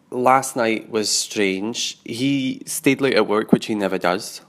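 A man recording a confessional audio diary, expressive and sweary, mimicking sounds and other people's voices as he recounts events. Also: on the low side. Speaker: diarist.

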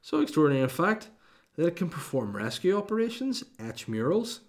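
A prim, posh newsreader voice with a high, lifted pitch and a loud, plummy delivery, as a man puts it on. Every word comes out overly proper and drawn out, like a stiff gent reading the paper aloud. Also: big pitch swings, brisk. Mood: mock-posh.

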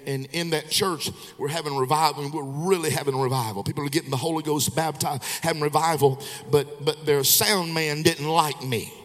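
A man, an evangelist preaching a revival sermon, moving between quiet storytelling and shouted exhortation. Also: a little high, long reverb tail. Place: church sanctuary. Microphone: handheld microphone.

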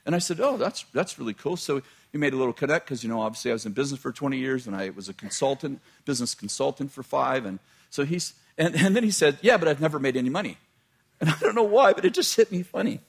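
A man's voice: mid-range voice, lively intonation, fast, creaky, husky. A middle-aged man, a pastor, telling a personal story in a sermon, chatty and laughing at his own jokes, often breaking off mid-sentence.

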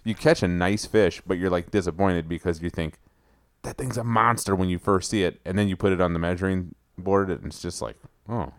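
A man with a low, smooth, resonant voice co-hosts a casual podcast. He talks in an easygoing, agreeable way, recorded dry and close. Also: fairly even intonation, a little fast, few pauses, no echo. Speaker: podcast co-host. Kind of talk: casual chat.

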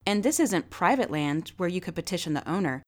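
A woman's voice: on the low side, expressive, close to an everyday voice. Doctor Graves, a woman reading a firm older professor. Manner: firm and measured.

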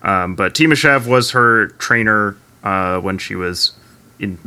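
A man co-hosting a casual chat, talkative and quick to laugh, often trailing off mid-sentence. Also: lowish voice, pushed and bright, clean tone. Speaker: podcast co-host.

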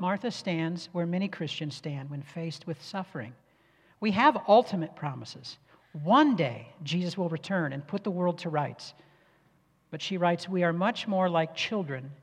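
A male preacher delivering an earnest, emphatic sermon, dropping low and soft on key phrases. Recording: long reverb of a church hall.

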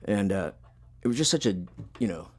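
The voice is lowish, expressive and a little fast. It belongs to a man who hosts a podcast and plays punk, chatting casually through long, laid-back stories thick with swearing and filler.

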